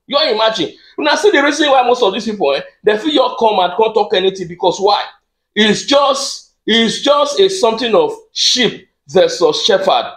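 A man with a Nigerian accent doing a rambling comic monologue, speaking excitably and stammering through repeated words. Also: high-pitched, moderate pace, roomy sound. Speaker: comedian.

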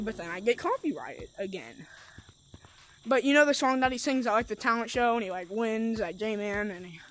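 A woman's voice: on the high side, a bit bright, slight background noise. A woman vlogging casually while playing a VR game, rambling and telling stories full of fillers through a headset mic. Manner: rambling, chatty storytelling with many fillers. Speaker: gaming vlogger. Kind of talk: casual gameplay chatter.

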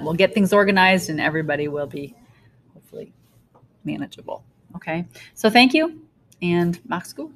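A woman's voice: low-pitched, vocal fry, a bit bright, a little hiss or hum. A middle-aged woman teacher recording a German lesson for her class, talking casually, correcting herself and giving everyday examples. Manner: chatty, self-correcting, explains with homey examples.

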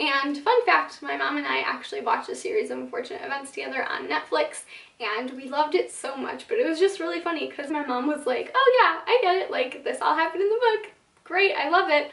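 A woman's voice: high voice, vocal fry, a bit bright, far from the mic. A young woman vlogging about books in a chatty, gushing way, with lots of "like" and dramatic asides. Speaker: book vlogger. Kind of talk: casual talking-to-camera vlog. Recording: echoey room, slightly off mic.

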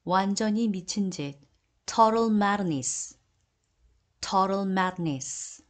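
A woman reads through a vocabulary list at a measured pace. She pairs each Korean term with its English phrase and repeats the English slowly and carefully. Her voice sits at an ordinary middle pitch. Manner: slow deliberate repetition of each English phrase. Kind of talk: word list reading, Korean then English repeated twice.

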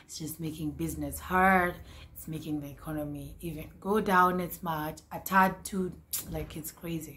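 A woman in her twenties chatting to camera as a vlogger, excitable and repeating her phrases. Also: low-pitched, moderate pace, a little hiss or hum. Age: 20s. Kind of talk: casual chat to camera.

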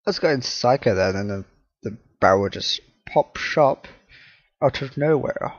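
A man's voice: mid-range voice, lively intonation, a little slow, dry recording, dull audio. A man commentating his own horror game play, jumpy, swearing, laughing and talking to objects in the game. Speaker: gaming channel host.

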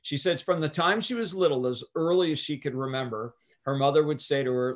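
A pastor and guest speaker telling a story in an interview, earnestly retelling past conversations line by line. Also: male voice, fairly high pitch, brisk, few pauses.

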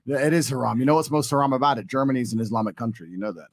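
A man co-hosting a podcast, teasing in a deadpan, mock-preachy way. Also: mid-range voice, racing, no echo, studio quality. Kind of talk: fast mock-serious banter.

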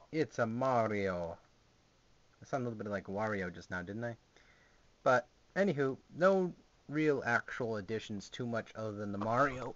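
A man's voice: fairly low pitch, fairly bright tone, a little hiss or hum. Rambling young man with lo-fi audio. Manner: rambling, jokey and sarcastic. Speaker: vlogger. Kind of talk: casual home video tour. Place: small gaming closet indoors.

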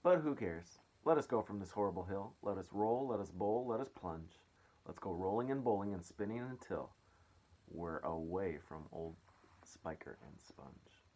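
A man voicing an excitable, grinning male centipede in a read-aloud storybook, reciting rhymes in a swooping sing-song. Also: low-pitched, moderate pace. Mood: gleeful.

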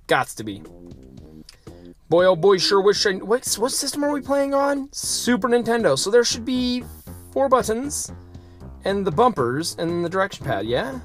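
A let's play host talks through a retro shooter in a casual, goofy way, with a voice that leaps up and down and sudden excited yelps. Silly sound effects and chatter aimed at the enemies fill the gaps, while quiet game music plays behind. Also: medium pitch. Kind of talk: casual gameplay commentary.

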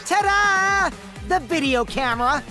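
A smug, playful teenage boy in a robot shell in a video game. His voice sits high and swings all over, with a flat synthetic tone. Game music plays clearly underneath. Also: measured pace, full character voice. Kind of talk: English video game dub.

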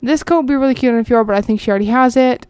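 Racing through her words, a gaming host talks viewers through her play in a chatty, rambling way, often thinking aloud. Her voice sits a little high and sounds smooth and clear, and the sound is close and dry without room echo.

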